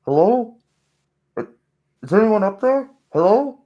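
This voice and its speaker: A man's voice: sits high, sing-song, slow, lo-fi sound, pitched above the performer's own voice, heavily acted. A man voicing a trapped stranger who calls up pleading from under the floor. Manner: plaintive, calling out.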